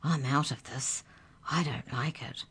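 Storybook boy, jittery and hushed, voiced by a woman narrator. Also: low voice, animated, unhurried, full character voice. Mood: nervous. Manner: anxious, whispering. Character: nervous timid young boy.

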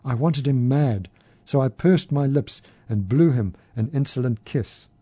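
A man reading a first-person story aloud in a measured, even way. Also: mid-range voice, breathy edge, no echo. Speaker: narrator.

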